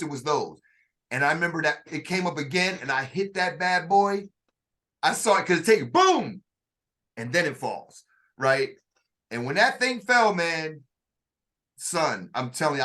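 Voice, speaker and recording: A man casually telling a story in conversation, animated and full of slang, with vocal sound effects. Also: fairly high pitch. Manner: uses slang and restarts. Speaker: storyteller in a two-man dialogue.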